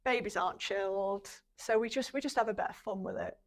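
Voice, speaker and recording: A woman's voice: mid-range voice, a little fast. A young woman hosting a podcast, telling parenting stories in a chatty way and laughing often. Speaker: podcast host. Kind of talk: casual chat.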